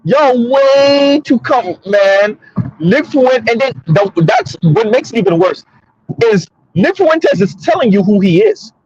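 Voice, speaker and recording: Talking straight to listeners from his car on the road, a male commentary host delivers a casual monologue that is emphatic and repetitive. His voice sits high with big pitch swings, a little slow and mellow, slightly rough, and the recording's highs are cut off.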